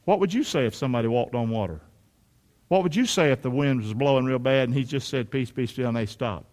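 A male pastor, preaching an animated sermon that swings from shouts to quiet asides. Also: mid-range voice, fast, long reverb tail.

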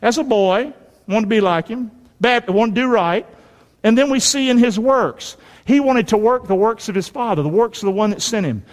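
Folksy male preacher with a high voice, emphatic call-and-response delivery, long hall reverb. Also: animated, moderate pace. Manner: call-and-response preaching, asks the congregation for amens; folksy, emphatic, swings between shouting and quiet. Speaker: pastor. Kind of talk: sermon. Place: church.

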